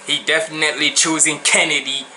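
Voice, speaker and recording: A young man with a very bright, sharp-edged voice, giving casual reaction commentary. He talks loose and slangy, swears freely and breaks into laughs easily. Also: fairly high pitch, little pitch movement, a little fast, a little hiss or hum. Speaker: reaction video host.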